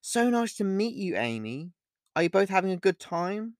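A man reading an audiobook, playing a smiling, pushy young man who is hiding something, with a bright, falsely cheerful manner. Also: high voice, very animated, normal speed, no room sound, studio quality, voice pushed up. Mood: cheery.

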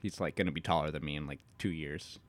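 A man's voice: very deep voice, fast, slight background noise. A man co-hosting a podcast, reading a book summary aloud and cracking sarcastic jokes. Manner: joking, animated, sarcastic asides. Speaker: podcast co-host. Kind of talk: casual chat and summary reading.

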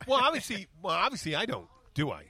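Bright-voiced joking man. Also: sits high, huge pitch swings, quick pace, breathy edge. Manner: joking, teasing, talks over others. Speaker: podcast host. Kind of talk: casual chat.

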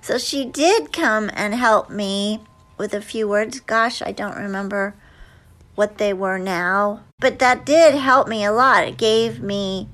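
A woman's voice: medium pitch, takes it slowly, fairly bright tone. A woman actress answering interview questions in a chatty, hesitant way with many fillers and restarts. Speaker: actress guest.

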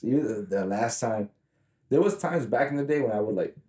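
A man's voice: medium pitch, lively intonation, brisk, mellow, roomy sound. A man co-hosting a podcast, telling rambling, profane stories in casual chat, full of fillers. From Mexican heritage. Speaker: podcast co-host.

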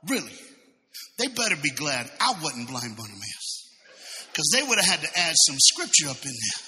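A man preaching a sermon in an animated way, breaking into shouts and laughing asides, recorded in a church. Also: on the high side, normal speed. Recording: reverberant church sanctuary sound.

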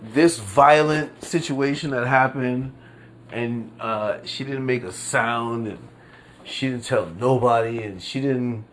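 On his own podcast, a man rants casually in a medium-pitched voice, taking things slowly, with slight background noise. His delivery is animated, with frequent laughs, free swearing, and plenty of New York street slang.

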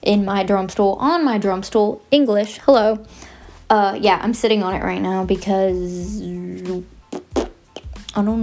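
This young woman runs a podcast and rambles casually, clowning around and mocking herself. Her voice sits mid-range with a dark tone.

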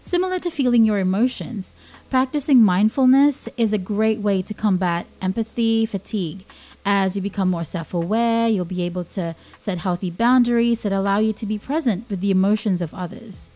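Young woman host, mellow warm voice, earnest, casual explainer delivery. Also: mid-range voice, normal speed. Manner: earnest, repeats key points for emphasis. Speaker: podcast host. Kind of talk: casual informative talk.

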